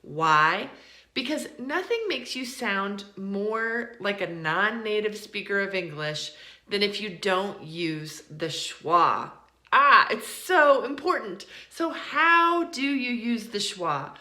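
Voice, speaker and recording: An American woman gives an English pronunciation lesson in a lively, bouncing voice that rises and falls a lot. She talks slowly and deliberately, stretching out example words, and her voice has a bright edge. The room around her sounds echoey. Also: medium pitch. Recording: roomy echo.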